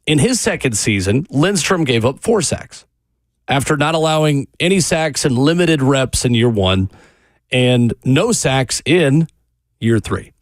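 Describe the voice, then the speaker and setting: A man's voice: medium pitch, lively intonation, measured pace, no room sound. A man hosting a sports radio show, pressing his co-host with pointed questions.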